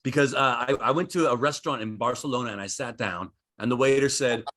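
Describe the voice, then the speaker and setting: A man's voice: mid-range voice, fast talker, a bit bright. A young American man doing a stand-up routine on a virtual comedy show, rambling and self-deprecating, laughing at his own jokes. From United States.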